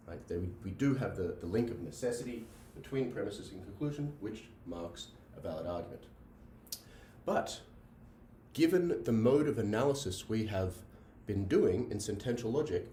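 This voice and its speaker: A male lecturer explains logic to a class, circling back and asking "right?" as he goes. His voice sits a little low and mellow. It is picked up from some distance in an echoey room with a faint hum of ambience. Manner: repeats himself, checks in with "right?". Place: classroom with a board.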